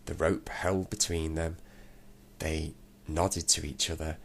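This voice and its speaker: Man reading a kids story, low gravelly voice, slow, faint hiss behind. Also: flat delivery. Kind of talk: reading a children's storybook aloud.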